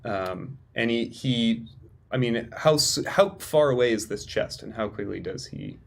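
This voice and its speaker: Guy at a tabletop game, thinking out loud, lots of restarts. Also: mid-range voice, expressive, unhurried, gravelly. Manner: hesitant, thinking aloud. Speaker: player. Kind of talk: describing a character's actions in a tabletop game.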